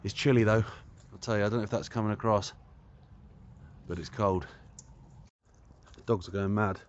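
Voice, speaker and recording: Low-voiced male vlog host, curious and chatty, recorded outdoors on a camera with dull audio. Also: fairly even intonation, moderate pace, slight background noise. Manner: curious, thinks aloud about old railway features. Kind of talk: casual walking commentary. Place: outdoors on a rural old railway trackbed.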